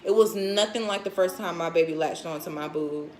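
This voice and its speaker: A woman in her twenties casually telling viewers a story, frank and animated, often laughing and acting out what other people said. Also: fairly low pitch, a little fast, a little hiss or hum. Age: 20s. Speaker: vlogger and new mother.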